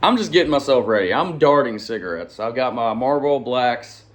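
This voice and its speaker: Guy, loose rambling storyteller, slangy, chuckling, mid pitch. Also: animated, a little fast. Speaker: channel host and storyteller. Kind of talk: casual storytelling to camera. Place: at home with pets nearby.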